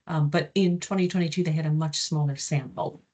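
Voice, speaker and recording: A woman's voice: low-pitched, steady tone, fairly quick, a little mellow. A woman speaking as a guest lecturer in a question session on a video call, thoughtful and hesitant with fillers. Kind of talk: Q&A after an academic talk.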